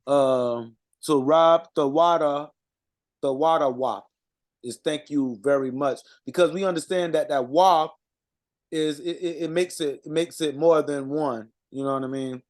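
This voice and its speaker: A man with a fairly high voice talks slowly through an informal language lesson. He reads out words one by one, stops to sound them out, and fills the gaps with "uh" and "um". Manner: halting, sounds out words, many fillers. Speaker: co-presenter reading out vocabulary.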